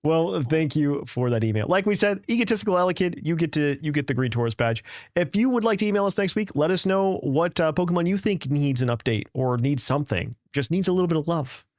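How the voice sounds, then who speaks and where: A man's voice: fairly high pitch, lively intonation, fairly quick, a little mellow, no room sound, clean studio sound. A man hosting a casual podcast, reading a listener's email aloud in a playful, jokey way and tripping over words now and then.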